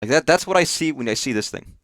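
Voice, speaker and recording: A man's voice: fairly high pitch, expressive, quick pace, fairly bright tone, dry recording, clean studio sound. A man streaming a game live, chatting casually in a rambling way, swearing often and full of fillers. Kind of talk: casual live gameplay chat.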